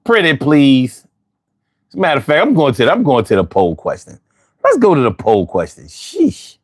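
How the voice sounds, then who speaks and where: A man hosting a livestream, chatting casually and reading out viewer comments in a drawling, animated way. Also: medium pitch, a little fast. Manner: drawling, animated, talks back to chat. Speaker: livestream host.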